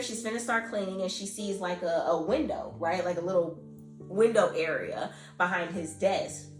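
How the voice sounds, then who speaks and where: Animated woman retelling a novel. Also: medium pitch, roomy sound. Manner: animated storytelling, acting out characters' lines. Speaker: book podcast co-host. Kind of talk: casual chat retelling a novel.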